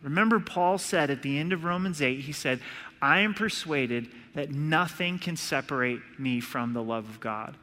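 A man's voice: fairly high pitch, normal speed, bright, forceful tone, long reverb tail. A male pastor preaching an earnest sermon, now and then acting out voices to illustrate his points.

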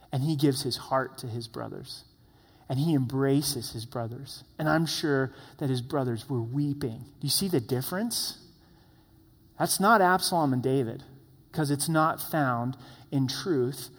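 A man's voice: mid-range voice, husky, big-room sound. A man preaching a sermon, earnest and direct, acting out the lines of the people in his story. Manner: earnest, acts out quoted voices. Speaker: pastor.

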